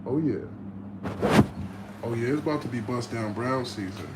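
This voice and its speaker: A man's voice: mid-range voice, moderate pace, very noisy. A man hosting a casual livestream, joking around and hyping up his viewers. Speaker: livestream host. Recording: roomy room with faint ambience.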